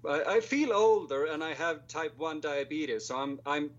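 A man's voice: on the high side, moderate pace, highs cut off. A man in his twenties with a Swedish accent, a filmmaker guest talking hesitantly and wryly, poking fun at himself. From Sweden. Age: 20s. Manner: self-deprecating, hesitant, wry. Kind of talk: casual interview chat.

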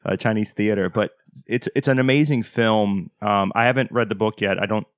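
A man's voice: on the low side, steady tone, a little fast, no room sound, studio quality. A man co-hosting a podcast, speaking earnestly and enthusiastically about the show's film. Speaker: podcast co-host. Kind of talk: interview chat.

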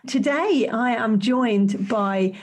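A woman's voice: a little high, takes it slowly. Chatty woman podcast host. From half Maltese family. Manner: chatty and upbeat, laughs easily. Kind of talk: casual interview chat.

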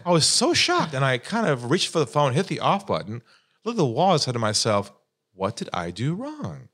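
A man telling a sales story as a podcast guest, dramatic and lively, acting out the voices of the people in it. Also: mid-range voice, normal speed, slightly rough. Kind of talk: animated storytelling.

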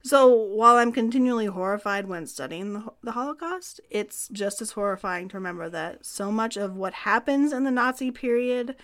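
A woman's voice: a little high, moderate pace, few pauses, a bit bright. A woman co-hosting a history podcast, explaining historical laws in an earnest, conversational way. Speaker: podcast co-host.

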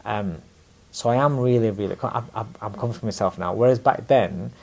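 A man's voice: lowish voice, quick pace, creaky, darkish tone. A man in his forties, a former boxer, talking candidly about fatherhood and himself in casual conversation, repeating words and swearing bluntly. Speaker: podcast guest, former boxer.

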